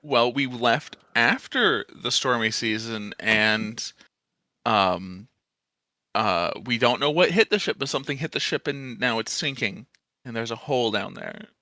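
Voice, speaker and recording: A man's voice: mid-range voice, expressive, measured pace, bright, forceful tone, no room sound. A man voicing a young, brash ship captain who rambles out frantic excuses in a tabletop game. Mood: flustered.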